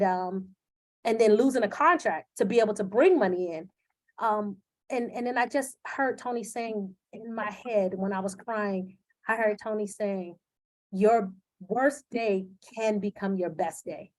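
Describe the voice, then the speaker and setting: A woman's voice: medium pitch, a little mellow. A woman speaking live into her computer camera, candid and emotional, with many fillers. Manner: earnest, emotional, with frequent fillers. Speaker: live video host. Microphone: webcam on a computer.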